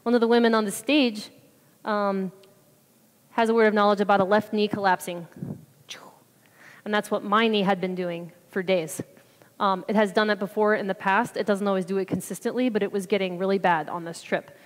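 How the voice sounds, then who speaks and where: Woman, mid-pitched, lively testimony storyteller, church hall with long reverb. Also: normal speed. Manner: animated, acts out her own reactions. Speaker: church member giving a mission trip report.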